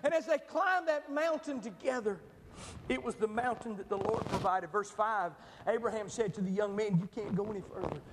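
A man preaching a sermon, shifting from impassioned shouts to soft, quiet storytelling. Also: high voice, normal speed. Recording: reverberant hall, faint noise.

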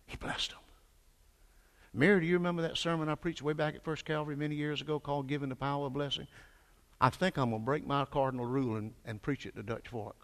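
An older man preaching a fervent sermon, swinging from hushed lines to shouted peaks and calling for answers from the congregation. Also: medium pitch. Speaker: pastor. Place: church sanctuary. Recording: echoey church hall.

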